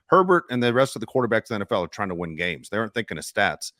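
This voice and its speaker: A man's voice: fairly low pitch, big pitch swings, very fast, fairly bright tone, no echo, studio quality. A man co-hosting a sports podcast, giving his opinions emphatically and talking straight to his listeners. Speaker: podcast co-host. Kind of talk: casual sports talk.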